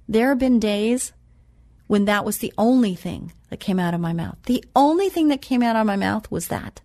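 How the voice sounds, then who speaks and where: Lady giving an inspirational talk, mid-pitched voice, leans hard on bible verses, dry recording. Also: darkish tone, no echo. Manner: preachy, quotes scripture with slow emphasis; chatty and personal, tells anecdotes. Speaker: self-empowerment speaker. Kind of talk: motivational talk.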